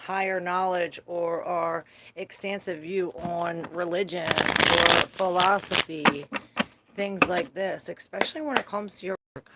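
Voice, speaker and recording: A woman with a low, gravelly voice reads tarot cards live for her audience. She keeps it loose and chatty, laughing easily and dropping curse words along the way. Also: steady tone, unhurried, pushed and bright, a little hiss or hum. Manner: chatty, swears freely, laughs often. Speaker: tarot reader. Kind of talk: casual live tarot reading.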